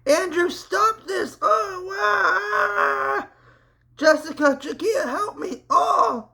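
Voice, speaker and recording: A man reading a story aloud and voicing a grieving young man who shouts and sobs in anguish. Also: a little high, fairly even intonation, slow, smooth, voice pushed up. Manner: shouting and sobbing.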